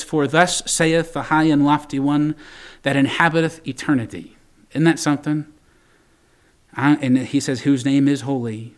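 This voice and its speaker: A man preaching a sermon, calling out emphatic appeals to the congregation and reading scripture slowly and deliberately. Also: on the high side.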